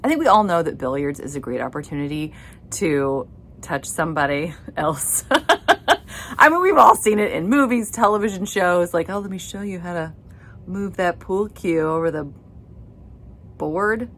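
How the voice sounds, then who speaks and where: Chatty low-voiced woman book vlogger. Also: fairly bright tone, a little hiss or hum. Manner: enthusiastic, laughing as she recaps. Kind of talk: casual reading vlog chat. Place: her home library and playroom area.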